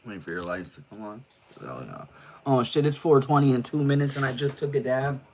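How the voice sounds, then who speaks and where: A man's voice: mid-range voice, expressive, fairly quick, a little mellow, a little hiss or hum. A man live streaming from his room in casual chat, laid-back and rambling, swearing freely and short of breath. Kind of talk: casual solo livestream chat. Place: his own room, indoors.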